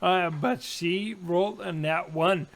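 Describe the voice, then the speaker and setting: A man running a tabletop game as the dungeon master, talking slowly and pausing often on fillers. His voice sits a little high for a man. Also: vocal fry, slight background noise. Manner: unhurried, halting narration with many fillers.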